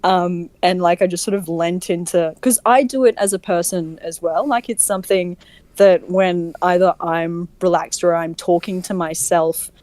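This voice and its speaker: A woman with an Australian accent, a voice actor chatting casually, laughing often and filling pauses with um and like. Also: lowish voice, a little mellow, no room sound. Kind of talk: casual group chat.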